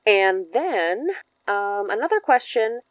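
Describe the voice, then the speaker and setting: A woman co-hosting a podcast about her audio drama, talking in a quick, chatty way and laughing often. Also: mid-range voice, lively intonation, smooth, dry recording, highs cut off, faint music behind. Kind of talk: casual chat.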